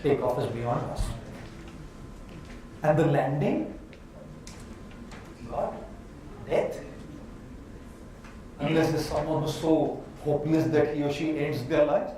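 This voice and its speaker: A man with an Indian accent giving an animated motivational talk to a live audience, asking them questions as he goes. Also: sits high, brisk, long pauses, a little hiss or hum. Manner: animated, asks the audience questions, uses props. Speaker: motivational speaker. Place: large hall with a live audience. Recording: echoey hall from far off.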